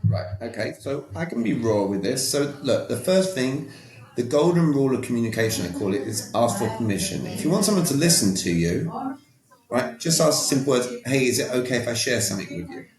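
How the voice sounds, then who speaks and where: A man's voice: mid-range voice, animated, fairly quick, a little mellow. A man with a British accent, speaking as an interview guest who coaches on communication. He talks emphatically and directly, often checking in with "all right?". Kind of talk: casual interview talk. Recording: roomy echo.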